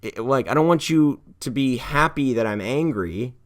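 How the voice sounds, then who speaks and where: Young man, californian, confessional vlog, rambling, cursing, mid-pitched voice. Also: expressive, normal speed. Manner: rambling and heartfelt, swears often, swings between hushed and heated. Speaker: YouTuber.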